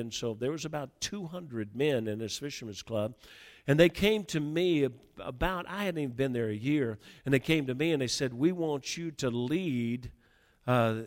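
A middle-aged man with a medium-pitched voice preaches a sermon, sharing a personal story. He restarts and stammers often, starting quietly and building to fervent emphasis.

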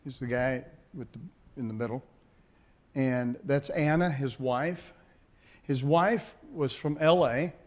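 An older male pastor tells homespun stories from the pulpit in a folksy, animated way. His voice sits in an ordinary middle pitch, and he breaks into chuckles at his own jokes. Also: slow. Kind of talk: sermon storytelling.

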